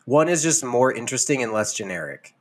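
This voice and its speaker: A playful man co-hosting a relaxed podcast, rambling through his points and laughing as he talks. His voice sits at a medium pitch. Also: a little fast. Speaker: podcast co-host. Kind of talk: casual podcast chat.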